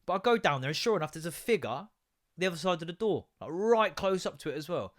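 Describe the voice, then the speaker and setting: A podcast host with a high voice talks fast, ranting his way through a story in a casual, sweary style. He's animated and does voices for the people in his anecdotes.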